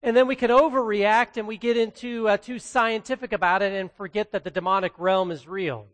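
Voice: medium pitch, fairly even intonation, a little fast. Earnest pastor preaching in an echoing hall. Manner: earnest, conversational, emphatic on key phrases. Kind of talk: sermon with scripture reading.

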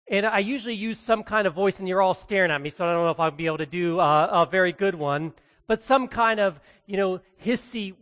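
An earnest pastor preaches in a relaxed, conversational way, pressing hard on the points that matter. The voice sits at a middle pitch. A long reverb trails each phrase, as in a big church hall. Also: a little fast. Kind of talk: sermon with scripture reading.

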